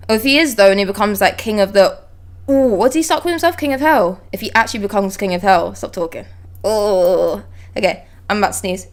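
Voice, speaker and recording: A woman chatting on a live stream as she reacts to a comic, blunt and quick to swear, speaking into a close desk mic. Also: medium pitch. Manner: chatty and blunt, swears freely, reads panels aloud. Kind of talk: casual live reaction chat.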